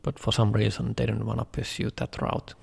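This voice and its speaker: Gravelly low-voiced man, reverberant. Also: completely flat delivery. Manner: thoughtful, measured with fillers. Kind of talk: casual chat.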